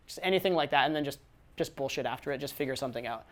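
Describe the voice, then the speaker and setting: A man's voice: a little high, quick pace. A man giving casual dating advice, talking conversationally with repeated words and frequent "right?" tag questions. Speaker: dating coach.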